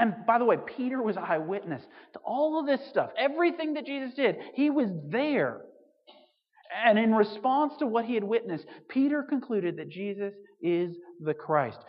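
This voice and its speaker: A man preaching a conversational sermon, telling stories with lively asides and quick jokes. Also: high-pitched. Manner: conversational, animated storytelling with asides. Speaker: pastor. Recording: muffled sound with long hall reverb.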